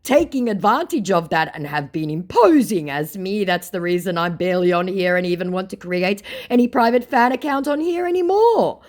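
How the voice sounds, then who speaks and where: A woman voicing a pushy male online scammer who poses as a celebrity, speaking slowly in broken English with false sweetness. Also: medium pitch, lively intonation, a little mellow, pitched above the performer's own voice, natural voice. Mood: smarmy.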